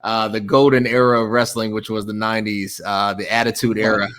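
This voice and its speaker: Bright-voiced encouraging male host. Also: on the low side, level tone, brisk. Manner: encouraging, affirming, chuckles often. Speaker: interview host. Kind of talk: casual interview chat.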